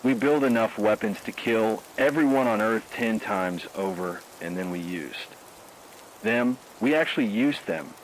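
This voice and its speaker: A man's voice: on the low side, measured pace, slight background noise, close to an everyday voice, low-quality recording. A man playing a frightened radio DJ who talks in a grim, shaken and despairing way during a radio drama. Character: male radio host, scared and grief-stricken.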